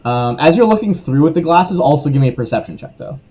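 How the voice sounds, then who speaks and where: A man running a tabletop game as game master, describing scenes in a relaxed way with fillers. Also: a little high, quick pace, breathy edge, muffled recording.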